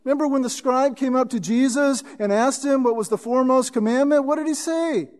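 Pastor, male, high-pitched voice, emphatic sermon delivery with repeated words. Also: brisk, darkish tone. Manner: emphatic, repeats words when building a point.

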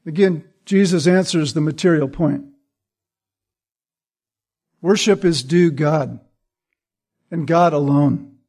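A man's voice: a little high, slow, long pauses, darkish tone. A man preaching a sermon, earnest and emphatic, building points through repetition. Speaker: pastor.

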